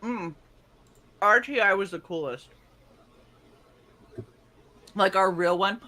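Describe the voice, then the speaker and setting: A woman's voice: mid-range voice, takes it slowly, sharp tone. A young woman co-hosting a casual stream, animatedly telling stories, swearing freely and acting out quotes. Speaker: stream co-host. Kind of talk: casual storytelling chat.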